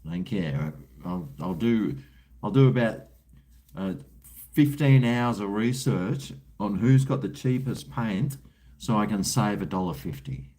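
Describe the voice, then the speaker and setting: With a lowish, dark, expressive voice and a measured pace, an Australian man chats on a casual livestream while drinking. He reads out messages from viewers and rambles in a laid-back style, full of crude slang and chuckles.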